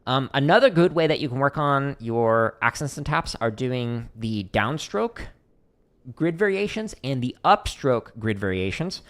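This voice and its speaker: A man from Arizona teaching drumming on a casual livestream, talking in a relaxed, rambling way with lots of fillers. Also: mid-range voice, unhurried. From Arizona, USA. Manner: relaxed, chatty, many fillers, counts strokes aloud. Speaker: drum teacher streaming Q&A.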